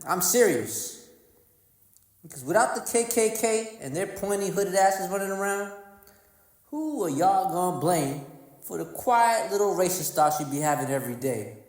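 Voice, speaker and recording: Brash stand-up man with a high voice, profane and mocking, recorded with long reverb. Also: sing-song, normal speed, darkish tone. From North Carolina. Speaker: stand-up comedian. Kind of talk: stand-up comedy routine. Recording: echoey room with long reverb.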